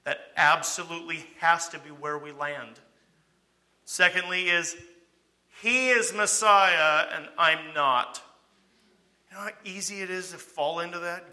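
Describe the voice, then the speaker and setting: A man with a higher-than-usual voice and a very sharp, bright edge leads a Bible study. He talks it through conversationally, checking in with "okay?" and throwing out rhetorical questions. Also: a little slow.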